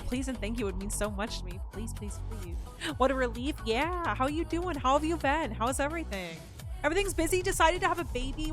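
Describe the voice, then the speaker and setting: A woman's voice: a little high, fairly bright tone. A woman hosting a casual gaming live stream, chatting and greeting viewers in a bubbly, welcoming way.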